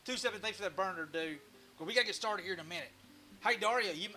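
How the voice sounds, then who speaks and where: A man with a high-sitting, sharp-toned voice talks at a quick pace while hosting a casual woodcarving live stream. He rambles and jokes at his own expense, with frequent restarts.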